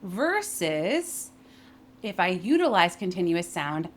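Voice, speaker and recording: Woman coaching on voice, slightly low pitch. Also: moderate pace. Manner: clear and emphatic, demonstrating pitch and phrasing. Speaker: voice and communication coach. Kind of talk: instructional talk with spoken demonstrations.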